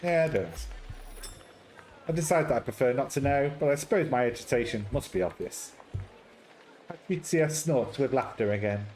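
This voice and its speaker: A man's voice: medium pitch, animated, normal speed, long pauses, darkish tone, a little hiss or hum, low-quality recording. A man hosting a playthrough, reading a story game aloud with wry, playful asides. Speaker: let's play host.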